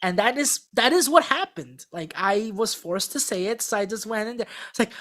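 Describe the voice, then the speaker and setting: A woman's voice: mid-range voice, moderate pace, few pauses. A woman being interviewed as a singing contestant, telling her story in a casual, rambling way full of fillers and restarts. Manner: acts out quoted people in a mock-excited voice. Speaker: singing contestant guest on a podcast.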